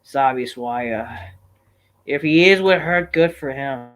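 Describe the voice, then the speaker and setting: A man hosting a live stream, answering viewer questions in a rambling, profane, animated rant with sudden loud outbursts. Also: mid-range voice, a little slow.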